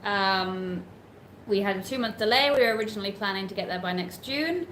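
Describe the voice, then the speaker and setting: A woman talking casually with viewers on a travel live stream, calmly explaining plans. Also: medium pitch, brisk, reverberant, slight background noise, low-quality recording.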